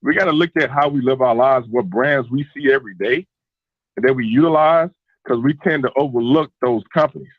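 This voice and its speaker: A stuffy, congested male caller giving steady advice on a call-in show. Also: mid-range voice, brisk, dry recording. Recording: dull, slightly lo-fi line.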